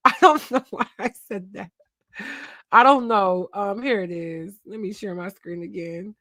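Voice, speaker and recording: A woman's voice: mid-range voice, a little slow, bright, forceful tone, dry recording. A woman in her twenties from Philadelphia, hosting a casual gossip livestream and chatting with her viewers while she looks things up. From Philadelphia, USA. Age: 20s. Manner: chatty, talks to chat, trails off and searches aloud. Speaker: livestream host.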